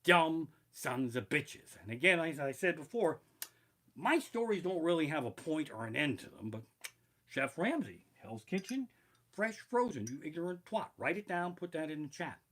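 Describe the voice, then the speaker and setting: Profane rambling comedian, bright and lively. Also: male voice, fairly high pitch, normal speed. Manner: rambling, profane, reads from notes. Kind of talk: live-streamed storytelling stand-up. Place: living room. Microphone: barebones home streaming mic.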